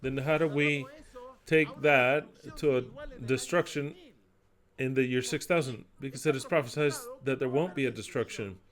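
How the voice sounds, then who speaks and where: A man preaching a sermon, declaiming scripture loudly and dropping into quiet asides. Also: medium pitch, normal speed. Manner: emphatic, swings between loud declaiming and quiet asides.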